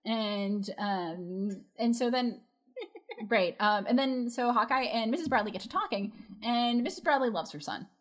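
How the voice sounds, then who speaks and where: A woman's voice: a little high, a little slow. Chatty woman recapping an anime. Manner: chatty, retells scenes with quoted voices, frequent fillers. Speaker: co-host reacting to an anime episode. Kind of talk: casual recap chat.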